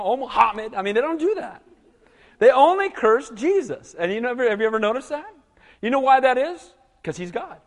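A male pastor preaching a sermon in a lively, conversational way, often calling out "Amen?" to the congregation. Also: very high voice, in a large hall. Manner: animated, conversational preaching with frequent "Amen?" calls.

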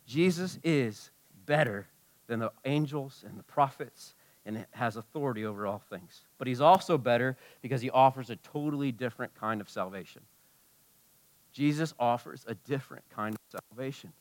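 A man preaching a sermon as pastor, swinging from loud, emphatic lines to hushed, low-voiced passages. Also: moderate pace.

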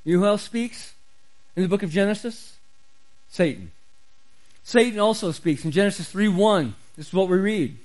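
A man's voice: high-pitched, normal speed, long pauses, darkish tone, low-quality recording. A man preaching a sermon as pastor, emphatic and repeating key phrases for stress.

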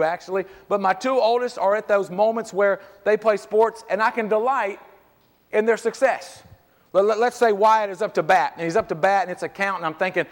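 A middle-aged man preaching a sermon as pastor, in a conversational style with frequent restarts and repeated words. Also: high voice. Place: church sanctuary. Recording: church hall with long reverb.

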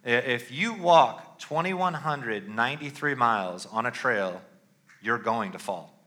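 A man's voice: mid-range voice, animated, measured pace, pushed and bright. A middle-aged male pastor giving a sermon in a loose, conversational way, often checking in with "all right?".

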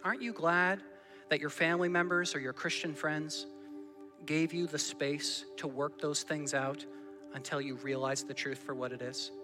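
Earnest high-voiced male preacher. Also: in a large hall. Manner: earnest, asks the congregation questions. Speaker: pastor. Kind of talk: sermon. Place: church hall.

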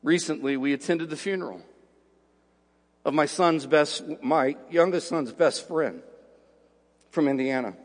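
High-voiced preacher in a reverberant hall. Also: male voice. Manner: swings from hushed storytelling to slow, emphatic preaching. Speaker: pastor. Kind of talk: sermon. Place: church sanctuary.

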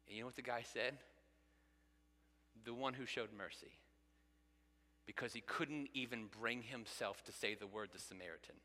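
Earnest pastor preaching in a reverberant hall. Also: male voice, medium pitch, steady tone, measured pace, long pauses, sharp tone. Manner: earnest, builds to emphatic peaks. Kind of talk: sermon.

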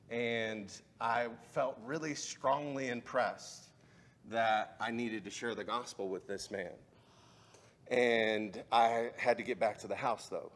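A pastor preaching a sermon in a voice of ordinary pitch for a man. He tells his story in an easy, casual way, then builds up to fervent preaching. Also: a bit bright.

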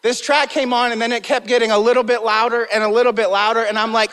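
A man's voice: very high voice, level tone, fast, few pauses, a bit bright, clear, resonant tone. A man preaching a sermon as pastor, emphatic, repeating key phrases and calling on the congregation to respond. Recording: long hall reverb.

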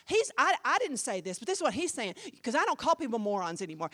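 Woman pastor, high voice swinging all over the place, punchy conversational preaching. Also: sing-song, brisk, few pauses, a bit bright. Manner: emphatic, conversational preaching with sudden jumps in volume. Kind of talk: sermon teaching.

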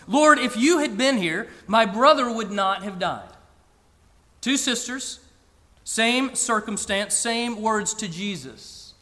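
A man reading scripture and preaching a sermon in a slow, measured way with emphatic pauses. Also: high-pitched, fairly bright tone, long reverb tail.

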